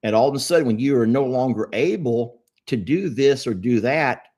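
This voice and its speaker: A man's voice: medium pitch, animated, moderate pace, a little mellow. A man, co-hosting a casual podcast chat and telling rambling stories. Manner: rambling storytelling, easygoing. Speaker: podcast co-host.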